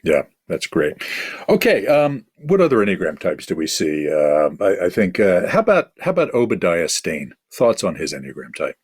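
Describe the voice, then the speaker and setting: Husky deep-voiced man hosting a podcast. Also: huge pitch swings, no room sound, studio quality. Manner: halting, many fillers and restarts. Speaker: podcast host. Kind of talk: casual discussion.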